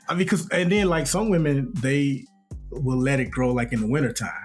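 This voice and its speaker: A man co-hosting a podcast, speaking at a middling pitch in an easygoing way, often breaking into laughter. Faint music runs behind the talk. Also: moderate pace. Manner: laid-back, laughs often. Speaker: podcast co-host. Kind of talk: casual chat.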